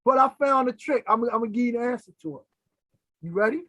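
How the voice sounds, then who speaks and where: A middle-aged man from Philadelphia telling stories in a casual interview, animated and acting out the voices of people he quotes. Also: very high-pitched, fairly quick, no echo, poor audio. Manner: animated, acts out quoted voices, keeps checking in with "right?". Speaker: interview guest. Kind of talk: casual storytelling.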